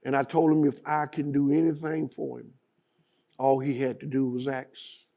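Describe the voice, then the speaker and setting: A male guest speaker telling a story in a dramatic, deliberate manner. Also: mid-range voice, level tone, vocal fry, mellow. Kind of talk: storytelling speech.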